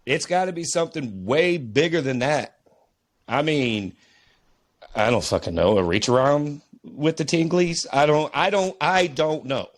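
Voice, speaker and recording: A man's voice: fairly high pitch, expressive, unhurried. A father co-hosting a podcast, chatting casually and animatedly, swearing freely and breaking into mocking voices while telling stories. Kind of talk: casual profane chat.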